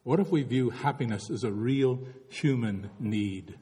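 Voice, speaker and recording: Pastor guy preaching, mid-pitched voice, lots of rhetorical questions, long hall echo. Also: unhurried, mellow. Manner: reflective, asks many rhetorical questions. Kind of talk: sermon.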